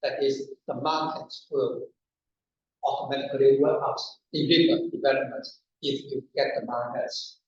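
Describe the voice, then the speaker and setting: A man presenting an academic paper at a conference panel, in a halting, deliberate way. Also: mid-range voice, fairly even intonation, slight background noise. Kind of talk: academic lecture. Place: conference room. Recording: distant, echoey, dull conference room recording.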